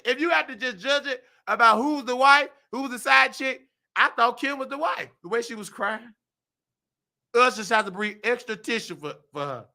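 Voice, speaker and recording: A man hosting a show, giving loose, slangy, animated commentary. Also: extremely high pitch. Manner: animated, loose slangy storytelling with sudden sung bits. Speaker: show host. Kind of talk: casual commentary.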